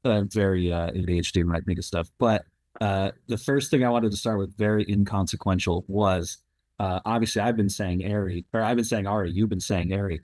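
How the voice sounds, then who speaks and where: A man in his thirties with a lowish voice, chatting loosely as a podcast host. He rambles and hops from thought to thought with plenty of fillers. The sound is dry and close. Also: steady tone, a little fast, a little mellow, no echo. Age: 30s. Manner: rambling, filler-heavy, jumps between thoughts. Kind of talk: casual interview chat.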